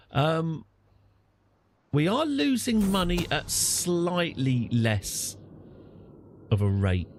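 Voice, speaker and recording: A British man streaming a strategy game, chatting through it and getting excited and apologetic in turns. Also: fairly low pitch. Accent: British English. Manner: chatty, easily excited, apologetic after outbursts. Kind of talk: live game commentary.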